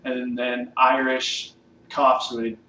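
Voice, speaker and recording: A man's voice: mid-range voice, completely flat delivery, slow pace, pushed and bright. Casual male vlogger, rambling and profane, heard from a distance in a roomy space with faint hiss. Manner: rambling, loose, swears often, many fillers. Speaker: vlogger ranking comedians. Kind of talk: casual unscripted monologue. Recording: echoey room, mic at a distance, faint background hiss.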